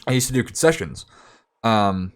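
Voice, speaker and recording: A man's voice: on the low side, animated, normal speed, clear, resonant tone. A young man streaming, telling a story in casual, rambling talk full of restarts, sometimes acting out other people in raised voices.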